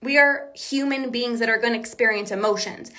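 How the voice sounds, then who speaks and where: A woman's voice: a little high, a little fast, sharp tone. A woman hosting a coaching podcast, talking in an earnest, reassuring way that repeats key points. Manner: acts out quoted self-talk. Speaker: binge eating coach and podcast host. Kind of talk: motivational podcast talk.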